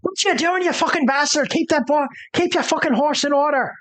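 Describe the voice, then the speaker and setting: A man's voice: fairly quick, fairly bright tone, no echo. A man voicing a foul-mouthed, angry Victorian woman scavenger who curses and snaps at the players in a tabletop horror game. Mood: furious. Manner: spitting, cursing, shrill.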